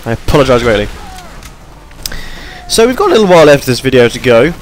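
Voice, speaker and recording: A man's voice: medium pitch, sing-song, quick pace, slight background noise. A tired young man giving rambling, chatty commentary over his gameplay, yawning between points. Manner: rambling, chatty, self-deprecating.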